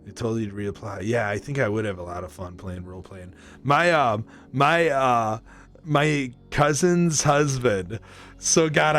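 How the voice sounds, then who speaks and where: A male streamer in casual chat, rambling from one thought to the next with plenty of swearing and laughter. His voice sits at an ordinary middle pitch. Quiet music plays faintly in the background. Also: a little slow. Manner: rambling, profane and excitable, laughs often. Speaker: livestreamer.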